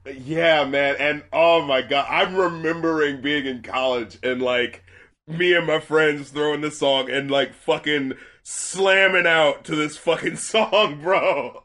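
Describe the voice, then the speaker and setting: Young male podcast co-host, casual and animated, swears a lot, rambles with fillers. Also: a little high, takes it slowly. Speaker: podcast co-host reviewing albums. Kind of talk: casual chat.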